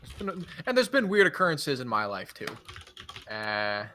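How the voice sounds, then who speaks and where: A man's voice: mid-range voice, sing-song, moderate pace, bright, forceful tone, slight background noise. A man playing in a tabletop game, speaking in character in a hesitant way, with fillers and restarts. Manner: hesitant, fillers, self-correcting. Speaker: player. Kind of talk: tabletop role-play in character.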